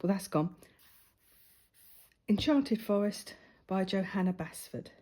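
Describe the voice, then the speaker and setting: A woman's voice: medium pitch, lively intonation, takes it slowly, background noise. A middle-aged woman, out of breath, chatting and laughing at herself as she colours. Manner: chatty, self-mocking, laughs often. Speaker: craft vlogger. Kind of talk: casual chat while colouring.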